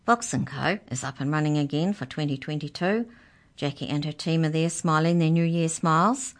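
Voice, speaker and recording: Low-voiced New woman reading a story. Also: moderate pace. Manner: gentle, chatty with the children. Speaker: children's story reader. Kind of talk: reading a story aloud on radio.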